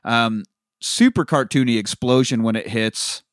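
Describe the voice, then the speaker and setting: In a dry, studio-quality recording, this man talks at an unhurried pace in a mid-range voice. Co-hosting a podcast, he goes over a movie with loose, foul-mouthed banter, voicing the characters' quotes with lots of energy.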